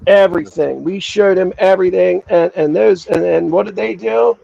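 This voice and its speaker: Male host, high and raspy, dry close sound; swears freely, acts out quotes in chatty stories. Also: normal speed, no room sound, highs cut off. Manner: profane, animated storytelling with acted quotes. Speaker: podcast host. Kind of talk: casual chat.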